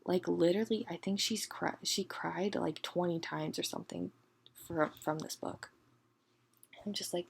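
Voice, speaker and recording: A woman ranting in a casual book review, exasperated, often hushed to a half-whisper and peppering her talk with "like". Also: on the low side, steady tone, moderate pace, vocal fry, husky.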